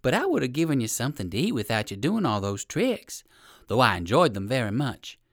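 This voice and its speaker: A reader doing a kindly old rabbit gentleman from a storybook, gentle and courteous. His questions rise with lively turns of pitch, and the recording is dry and close. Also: a little fast, no room sound. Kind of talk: storybook reading.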